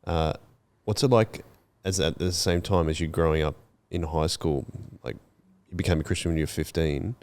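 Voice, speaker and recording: Deep-voiced easygoing man. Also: fairly even intonation, moderate pace, few pauses, a little mellow. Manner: easygoing, encouraging, laughs along. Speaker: podcast host. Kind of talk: casual interview.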